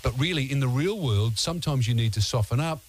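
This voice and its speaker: Rambling radio host. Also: male voice, medium pitch, lively intonation, a little fast, a little hiss or hum. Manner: rambling, hesitant questions with many fillers. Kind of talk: radio interview.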